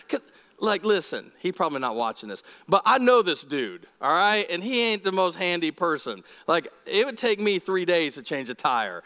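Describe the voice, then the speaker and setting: A male pastor preaching a sermon in a church, chatty and animated, often asking the congregation questions. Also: high voice, normal speed, in a large hall.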